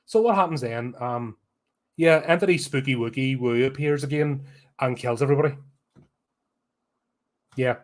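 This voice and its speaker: Brief: blunt Belfast podcast host, sarcastic, swears freely, mid-pitched male voice. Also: normal speed, pauses often. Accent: Northern Irish, Belfast. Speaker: podcast host, film reviewer. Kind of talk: casual film review rant.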